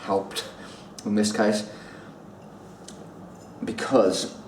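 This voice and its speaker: A man talks through a review in a casual, chatty way, stopping and repeating words as he gathers his thoughts. His voice sits on the low side. He sounds set back from the mic in an echoey room with faint background noise. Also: little pitch movement, far from the mic. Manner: chatty, pausing, repeats words while thinking. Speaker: whisky reviewer.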